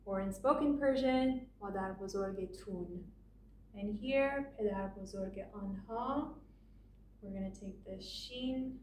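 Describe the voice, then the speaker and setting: A woman teaching a grammar lesson, explaining slowly and patiently and spelling out each example. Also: a little high, a little mellow, slight background noise. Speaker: language teacher. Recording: echoey room from a distance.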